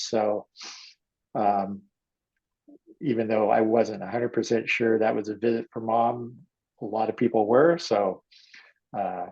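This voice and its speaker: A man's voice: lowish voice, gravelly, a little mellow, breathy edge, muffled recording. A man telling a personal story in casual conversation, rambling with many fillers and acting out the voices of the people in it. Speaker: guest artist.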